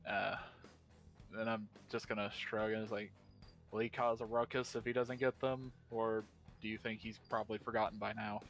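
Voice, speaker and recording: A man's voice: on the low side, flat delivery, normal speed, creaky, fairly bright tone, faint music behind. A man playing a tabletop game, speaking in character in an easygoing, hesitant way. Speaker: player.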